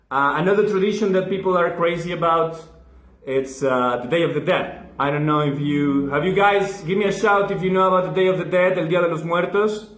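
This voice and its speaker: A man from Mexico with a Mexican accent doing a profane, deadpan stand-up set. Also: high voice, roomy sound, low-quality recording. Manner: deadpan, profane, acts out voices. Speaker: stand-up comedian. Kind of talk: stand-up set at a virtual gig.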